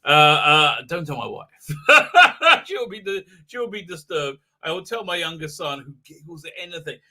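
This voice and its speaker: A man's voice: on the high side, sing-song, unhurried, pushed and bright. A middle-aged man hosting a livestream, rambling in a comic monologue with frequent giggles and fillers. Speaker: livestream host.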